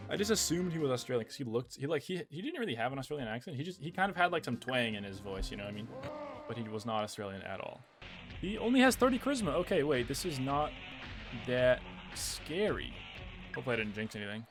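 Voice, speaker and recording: A young man from the United States giving casual, excitable commentary over a game he is playing, often exasperated. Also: medium pitch, fast. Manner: excitable, exasperated, says "bro" a lot. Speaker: gaming video creator. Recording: game music behind the voice.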